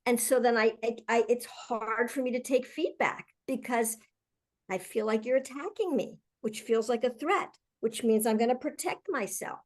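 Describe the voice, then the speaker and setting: A woman's voice: on the high side, normal speed. A woman in an earnest conversational discussion, often acting out example phrases as she explains.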